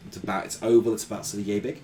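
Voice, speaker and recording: A man's voice: on the low side, flat delivery, rapid-fire, mellow, a little hiss or hum. A man narrating as game master in a tabletop game, casual and loose, swearing freely. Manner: casual, swears freely, many fillers and laughs.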